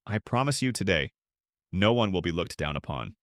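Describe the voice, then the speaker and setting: A steady airline captain, read by a man. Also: sits low, normal speed, no echo, clean studio sound. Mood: earnest.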